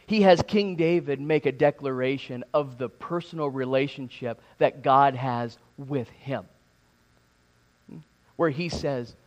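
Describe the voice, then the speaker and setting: A man in his thirties preaching a sermon in a church, talking in a halting way with many restarts and repeated words. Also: a little high, highs cut off. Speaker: pastor. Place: church sanctuary.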